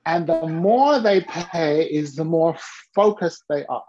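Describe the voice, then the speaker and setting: A man and business mentor telling stories to an interviewer in an animated way, acting out the voices he quotes. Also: on the high side, slow pace, muffled recording, background noise. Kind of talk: storytelling to an interviewer.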